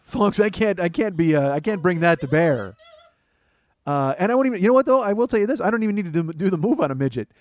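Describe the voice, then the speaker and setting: A man's voice: sits high, expressive, fast, darkish tone. A middle-aged man hosting a comedy podcast, rambling through a crude, profane, self-amused monologue.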